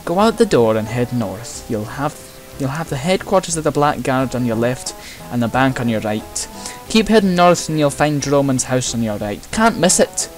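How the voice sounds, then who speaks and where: A man's voice: mid-range voice, lively intonation, normal speed, hardly any pauses, soft background music, natural voice. A man reading a chatty shopkeeper. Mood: helpful. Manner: helpful, giving directions. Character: chatty male armour shopkeeper.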